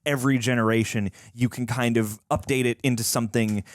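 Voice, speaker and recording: A man's voice: medium pitch, steady tone, a little fast. A man hosting a casual movie reaction chat, enthusiastic and rambling, with frequent restarts. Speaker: host.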